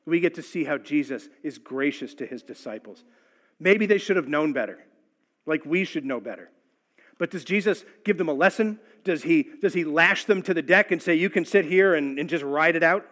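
A man's voice: on the high side, animated, normal speed, a bit bright. A man teaching on a Bible passage in a conversational, reflective way, often asking rhetorical questions.

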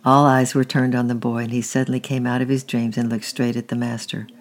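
Flat, gravelly storyteller reading aloud. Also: mid-range voice, a little hiss or hum. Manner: unhurried, steady reading with occasional slips.

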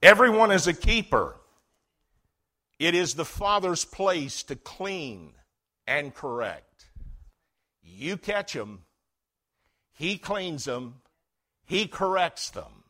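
A middle-aged male pastor preaching a folksy sermon, telling stories and swinging from loud emphasis to hushed tones. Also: on the high side, sing-song, drawn-out words, pauses often.

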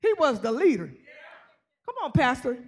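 Shouting a repetitive sermon in church, a woman preacher calls on congregants by name and gets them to respond. Her high voice has big pitch swings at a normal speed, and a faint crowd can be heard.

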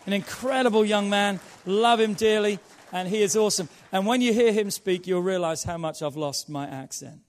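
A man, the host pastor, introduces the morning's guest speaker with eager praise. His voice is high for a man. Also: normal speed, few pauses. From England. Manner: enthusiastic, warm praise.

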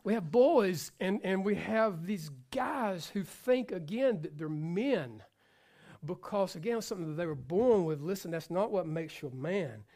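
A male pastor preaching a sermon, passionate and repetitive, swinging between loud exhortation and quiet asides, joking with the congregation. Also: high voice, animated, a little slow. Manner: repeats phrases for emphasis, jokes with the congregation.

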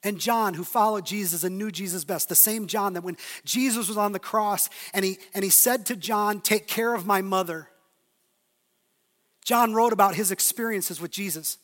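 A middle-aged male pastor preaching a sermon, swinging between loud emphatic lines and quiet, intimate asides. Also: high-pitched, moderate pace, few pauses. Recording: long reverb of a large hall.

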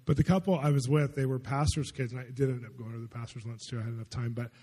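A man's voice: medium pitch, steady tone, fast talker, mellow, slightly rough. A man, a pastor, telling stories in a chatty, conversational sermon full of filler words. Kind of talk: storytelling sermon. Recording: long reverb in a large hall.

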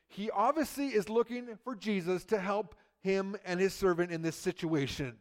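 A man's voice: high-pitched, moderate pace, a little mellow. A man preaching in a conversational way, often repeating words and acting out the lines of the story he explains. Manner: acts out quotes from the story. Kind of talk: sermon.

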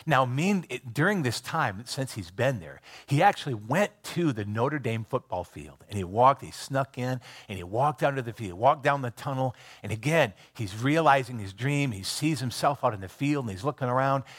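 A man of middle pitch preaching in a relaxed, conversational way. He tells a film's story step by step and stops now and then to restart a phrase or add a filler. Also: moderate pace, few pauses, breathy edge. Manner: retells a film scene by scene, briefly voicing its characters. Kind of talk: sermon storytelling.

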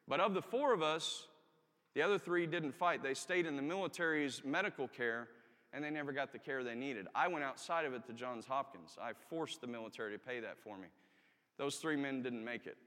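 A man's voice: mid-range voice, a little fast, fairly bright tone. A man, an army chaplain, giving a candid testimony sermon and telling his story earnestly with emphatic rises. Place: church. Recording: long reverb of a church hall.

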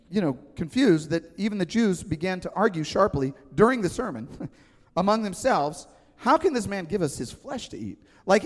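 A man delivers a sermon in a big church hall, and his voice rings out with a long reverb. He talks in a loose, animated, conversational way and slips into quick voices for the people he quotes. His voice sits a little higher than most men's. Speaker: pastor.

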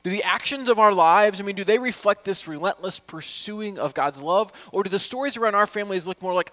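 A man preaching a sermon as a pastor, with impassioned delivery that swings from hushed asides to loud, urgent appeals. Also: sits high, fairly quick, few pauses.

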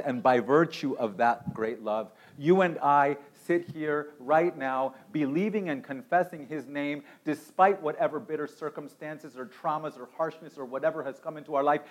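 A man preaching a sermon as pastor, swinging from quiet near-whispers to loud, emphatic passages. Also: fairly high pitch. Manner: dramatic preaching with wide swings in volume.

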